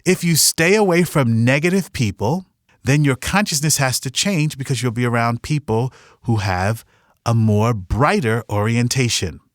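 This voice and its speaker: A man hosting a podcast speaks into a studio mic, offering an earnest and upbeat motivational talk built around a story from his past. His mid-range voice has lively intonation and a moderate pace, with no echo.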